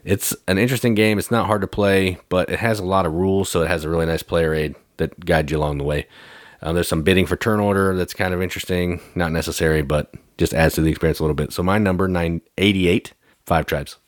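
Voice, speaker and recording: A man with a very deep voice walks through game rules in an easy, rambling podcast style. The recording is dry and close-miked. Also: quick pace, no room sound. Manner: relaxed, explains rules with fillers like "like" and "um". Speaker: podcast co-host. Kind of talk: casual board game chat.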